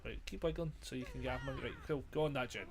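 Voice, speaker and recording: A man's voice: medium pitch, fast talker, background noise. A man commentating his own gameplay casually, exasperated and self-mocking, swearing constantly, his throat strained and frazzled. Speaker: gamer streamer.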